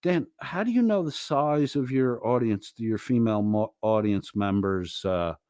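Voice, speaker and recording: A man's voice: medium pitch, lively intonation, measured pace, a little mellow, dry recording, clean studio sound. A man ranting angrily and profanely while arguing with someone on a livestream. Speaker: streamer. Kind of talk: heated livestream argument.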